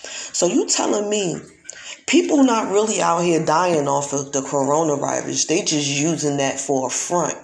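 A woman's voice: low-pitched, normal speed, gravelly. A woman vlogger in a casual monologue, talking emphatically and preachily, often repeating herself. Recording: echoey room.

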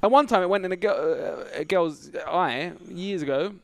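A man's voice: high-pitched, normal speed, creaky, a bit bright, no echo, studio quality. A young man hosting a podcast, blunt and crude in casual chat, reading out questions and laughing at his own stories. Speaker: podcast host.

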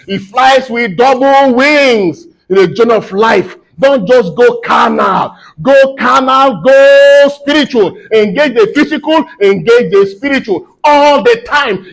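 A man's voice: very high voice, poor audio. A man preaching a sermon in church, emphatic and repetitive, asking the congregation to fill in his questions.

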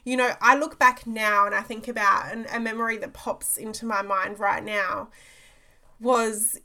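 A woman's voice: on the high side, fairly even intonation, normal speed, bright, forceful tone. A woman, a business coach giving an emphatic motivational talk, repeating phrases and checking in with "okay?".

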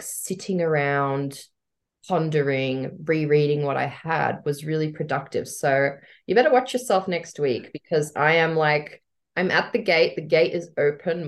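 A woman's voice: low voice, measured pace. A woman with an Australian accent chatting casually as a podcast co-host, teasing and laughing often. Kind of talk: casual chat.

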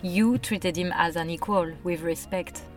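A woman's voice: fairly low pitch, fairly even intonation, measured pace, soft background music. A woman, earnestly making her case in a casual conversation. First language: French. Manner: earnest, emphatic, persuasive.

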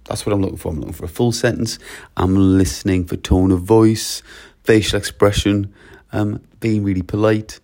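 A man's voice: on the low side, fairly even intonation, moderate pace, vocal fry, darkish tone. A man, a school leader talking in a casual solo podcast, chatty and anecdotal. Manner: chatty, anecdotal, acts out short exchanges.

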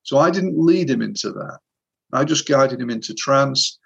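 A hypnotherapist tells a client story in an interview, in an earnest, vivid way. His mid-pitched male voice is gravelly and a bit husky. The audio sounds slightly dull. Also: animated, moderate pace, a bit bright.

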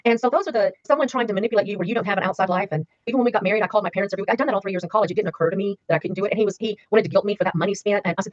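A woman in her sixties tells her own story as an interview guest, speaking very fast in a mid-range voice, emphatic and repeating key words for weight. The candid personal interview has a dry, slightly dull lo-fi sound with no room sound.

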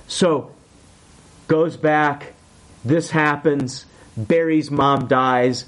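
Male podcast host, casual recap, excitable and profane. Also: a little high, extremely slow, long pauses. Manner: excited, swears a lot, acts out quotes. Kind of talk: casual chat.

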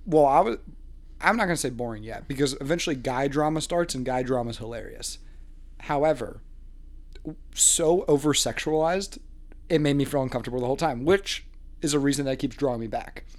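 A man's voice: mid-range voice, fairly quick, darkish tone. A man co-hosting a casual chat, joking and laughing as he rants about a dating show. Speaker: podcast co-host.

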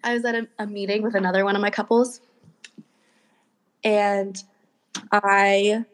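A woman's voice: mid-range voice, flat delivery, a little slow. A young woman co-hosting a casual podcast, telling stories with animation and acting out her own lines. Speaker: podcast co-host. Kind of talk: casual chat.

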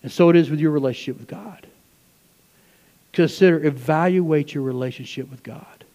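A man preaching a sermon to his church, swinging between loud, fervent passages and hushed asides. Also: a little high, normal speed, in a large hall, highs cut off. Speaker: pastor. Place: church sanctuary.

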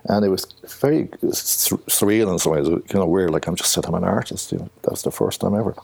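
An older Irish man telling a long personal story in a rambling, halting way, retelling conversations with "I says". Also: low voice, creaky, a little mellow, breathy edge. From Ireland. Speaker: guest, artist. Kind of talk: casual storytelling.

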